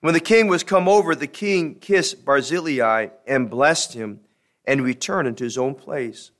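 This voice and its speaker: A male pastor preaching a sermon, telling a folksy joke and then reading scripture slowly and emphatically. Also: medium pitch, fairly bright tone.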